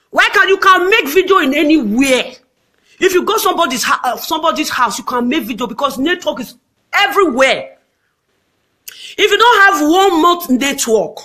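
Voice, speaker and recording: Nigerian woman, high-pitched, hosting a dramatic scolding live-video rant. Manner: loud, scolding, dramatic outbursts. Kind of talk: ranting live video monologue.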